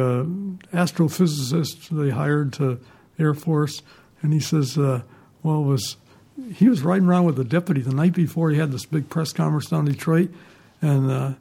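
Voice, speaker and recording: Older male ex-reporter, mellow and fairly high, chuckling raconteur. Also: steady tone, normal speed, vocal fry. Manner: rambling, chuckling anecdotes. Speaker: retired newspaper reporter. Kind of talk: storytelling in an interview.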